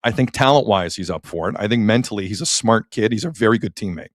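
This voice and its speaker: A man with a Canadian accent hosting a sports talk show, opinionated and animated, reacting to chat comments. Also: on the low side, quick pace, no echo, clean studio sound. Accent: Canadian English.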